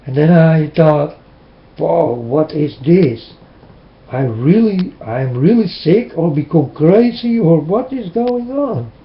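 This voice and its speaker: A man speaks slowly and haltingly, telling a personal religious testimony in earnest, English. His voice sits a little high. It is recorded on a webcam with a roomy echo and a dull, muffled sound. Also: expressive. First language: Dutch. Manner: halting, earnest, non-native phrasing.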